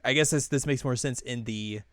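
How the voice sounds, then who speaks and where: A man's voice: medium pitch, brisk, fairly bright tone, no room sound. Young male podcast co-host, casual rambling recap, clean resonant tone, dead-dry room. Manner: rambling, many fillers, laughs while retelling scenes.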